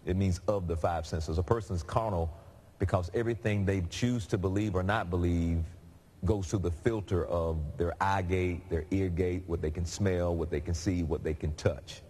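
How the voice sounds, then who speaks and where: A man's voice: low-pitched, moderate pace, slight background noise. A man preaching a sermon in a conversational, storytelling way. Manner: conversational, animated storytelling with laughs.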